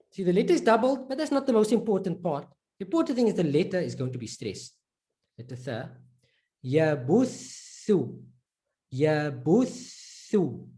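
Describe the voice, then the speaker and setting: A man's voice: high voice, a little mellow. Encouraging male Arabic reading teacher. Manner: encouraging, repeats words slowly for drilling. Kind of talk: recorded online lesson.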